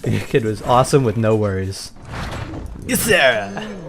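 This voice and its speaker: A man's voice: on the low side, fast talker, gravelly. A young man from Southern Massachusetts in a casual storytime chat, laid-back and agreeable and laughing along. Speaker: co-host.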